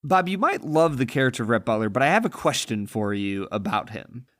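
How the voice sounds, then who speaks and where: A man co-hosting a film podcast, talking in an animated, emphatic and indignant way. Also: medium pitch, a little fast, dry recording, studio quality. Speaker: podcast co-host. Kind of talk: casual film discussion.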